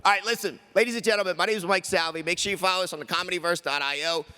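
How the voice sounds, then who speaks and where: A man works a conference crowd in a stand-up set, his voice bright and forceful. He sits a little high for a man, chatty and loose, slipping into quick quoted voices as he riffs. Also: fairly even intonation, clear, resonant tone. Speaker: stand-up comedian. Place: conference stage.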